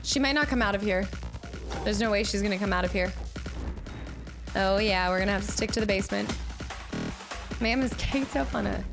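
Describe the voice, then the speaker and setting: A woman streamer chatting through a game, thanking viewers and reacting loudly to the action. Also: mid-range voice, moderate pace, vocal fry, long pauses, music in the background. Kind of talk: live gameplay commentary.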